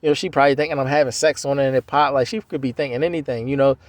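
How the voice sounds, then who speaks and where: A man's voice: medium pitch, steady tone, very fast, dry recording. Rambling middle-aged man telling his story. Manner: loose, conversational, full of "you know" and restarts. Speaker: Navy veteran telling his life story.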